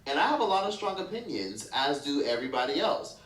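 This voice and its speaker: A man's voice: on the high side, sing-song, quick pace, fairly bright tone, far from the mic. Man, commentary YouTuber, frank and foul-mouthed storyteller, echoey room, set back from the mic. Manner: candid, profane and blunt.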